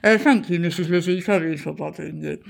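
A woman's voice: fairly low pitch, fast, vocal fry. A woman voicing a nervous young male police officer who stammers and apologizes. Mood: sheepish.

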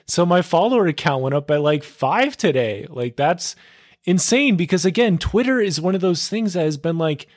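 A young man hosting his own podcast, talking on his own in a casual, excitable way, full of filler words and calling his listeners "dude". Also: fairly high pitch, moderate pace, no echo, studio quality. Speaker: podcast host. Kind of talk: casual solo podcast monologue.

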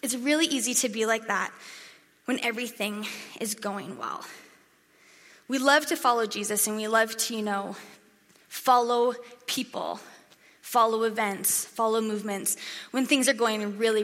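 Chatty young woman preaching. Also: fairly high pitch. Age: young adult. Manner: chatty, animated, acts out crowd voices. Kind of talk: casual sermon. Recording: echoey hall reverb.

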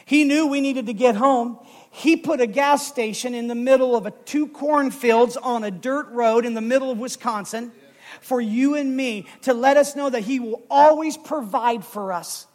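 High-voiced emotional male preacher. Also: moderate pace. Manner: emotional, building to shouting. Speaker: pastor. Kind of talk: sermon with personal story.

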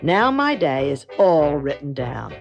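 An older woman voicing a fretful, fussy male toad in a slow, gruff storybook voice. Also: deep voice, very animated, dull audio, soft background music, exaggerated voice.

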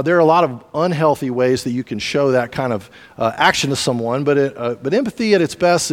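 Man preaching a sermon in a hall. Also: fairly high pitch. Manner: conversational storytelling with asides. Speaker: pastor.

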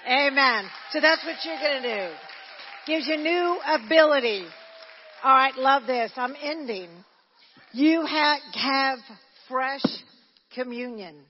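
Lady pastor preaching loud and lively, muffled recording in a big echoey hall. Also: high-pitched, slow, a faint crowd. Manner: animated storytelling, shouting at peaks. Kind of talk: sermon. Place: church hall. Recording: dull lo-fi recording in a church hall.

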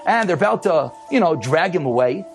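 A man telling a dramatic story as a sermon, in an animated storytelling manner. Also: fairly high pitch, brisk, faint music behind, rough recording.

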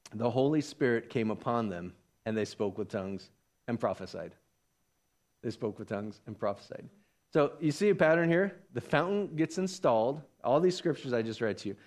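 A man preaching a sermon, animated and acting out the voices of the people he talks about. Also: medium pitch. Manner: animated, acts out voices of biblical figures. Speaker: pastor.

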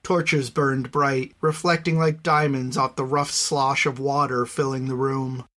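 An audiobook narrator reading a fantasy story in a measured, even storytelling voice. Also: medium pitch. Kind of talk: scripted narration.

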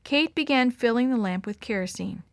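A woman narrating a story in an expressive, dramatic reading. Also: fairly high pitch, normal speed, no room sound, clean studio sound.

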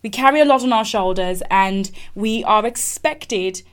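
A woman's voice: medium pitch, unhurried. A woman, candidly telling a personal story in a reflective way, with frequent fillers and restarts. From England. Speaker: speaker sharing a personal story.

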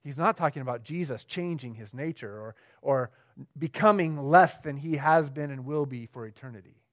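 Preaching at a normal speed, a male pastor alternates between emphatic, raised lines and quiet, low ones. He keeps it conversational, often checking in with the congregation and asking the room questions.

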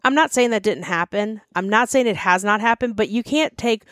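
A chatty woman with a Mid-Atlantic American accent co-hosts a podcast, talking emphatically to her listeners. Her voice sits at an ordinary pitch and sounds dry and close, with no room around it. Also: fairly quick, a bit bright, no room sound. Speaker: podcast co-host. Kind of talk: casual podcast chat.

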